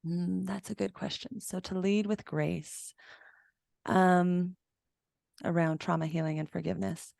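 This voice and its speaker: A woman in her forties, a podcast guest and trauma embodiment coach, answering slowly and thoughtfully about healing and feeling things in her body. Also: fairly low pitch, steady tone, creaky, darkish tone, no echo, studio quality. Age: 40s. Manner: slow, searching, emotional talk about the body. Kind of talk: reflective interview answer.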